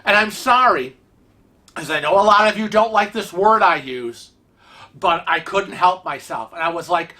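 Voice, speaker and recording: A bright, crisp voice tells a travel story to the camera in a loose, conversational way. The speaker gets indignant and animated, with restarts and repeated phrases. The pitch sits in a middle range. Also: measured pace. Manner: seated in a wheelchair while talking. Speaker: vlog host telling a travel story. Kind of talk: casual storytelling vlog.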